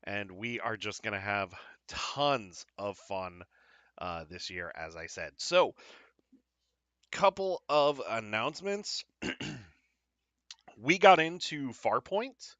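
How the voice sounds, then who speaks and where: A man hosting a casual live show, chatting in an upbeat, rambling way with lots of fillers and quick apologies. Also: on the low side, expressive, a bit bright, no echo. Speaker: podcast host. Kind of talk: casual live-stream chat.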